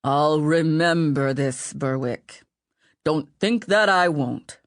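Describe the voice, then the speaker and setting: A woman's voice: sits low, takes it slowly, no echo, clean studio sound. A woman voicing a plump, whining middle-aged man who complains constantly.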